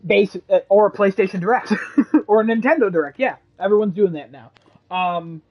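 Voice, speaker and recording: Excitable laughing man, casual podcast. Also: high-pitched, normal speed. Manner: excitable, laughs often, mock exclamations. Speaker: podcast co-host. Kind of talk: casual chat. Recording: dull lo-fi podcast audio.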